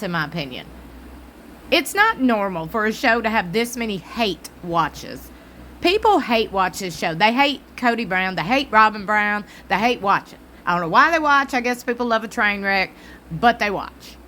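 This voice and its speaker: A sassy woman with a Southern US accent delivers blunt, mocking vlog commentary. Her voice is bright and forceful and sits a little high. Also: slight background noise. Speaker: commentary vlogger. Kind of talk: opinionated commentary.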